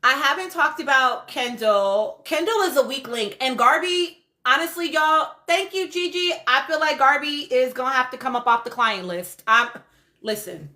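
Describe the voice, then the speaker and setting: A woman with a high voice hosts a casual reality-show recap livestream as a podcast host. At a moderate pace, she gives blunt, profane, animated commentary punctuated by laughs.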